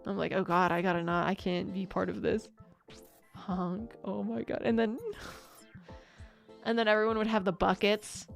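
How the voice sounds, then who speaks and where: A woman streamer talks casually with her viewers, rambling from one thought to the next and poking fun at herself. Her voice sits at an ordinary middle pitch, and she breaks into laughter often. Faint music plays underneath. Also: level tone, measured pace, vocal fry, long pauses.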